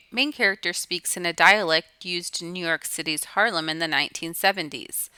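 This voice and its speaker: A woman's voice: on the low side, sharp tone, no echo. A woman teacher giving a recorded lesson to students, explaining patiently and restating each point.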